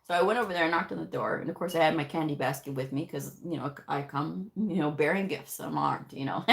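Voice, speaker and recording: Woman, middle-aged, live-stream host, casual and emphatic, lowish voice, talkative. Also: fairly quick, creaky. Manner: chatty and emphatic, with frequent "you know"s and laughs. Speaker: medical coder hosting a live stream. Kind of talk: casual livestream chat answering viewer questions.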